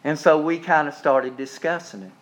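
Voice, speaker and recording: A man's voice: on the high side, steady tone, normal speed, slight background noise. A middle-aged male minister preaching in a homespun, conversational way, with folksy anecdotes and repeated phrases.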